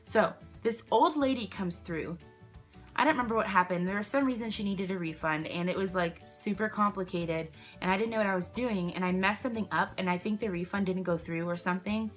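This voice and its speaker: A woman's voice: medium pitch, fairly quick, soft background music. A young woman telling a casual storytime at home, chatty and rambling, full of fillers and sidetracks, recorded on her own camera. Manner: rambling, chatty, many "like" fillers, self-interrupting. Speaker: vlogger. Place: indoors at home, candles nearby. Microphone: camera she films herself with.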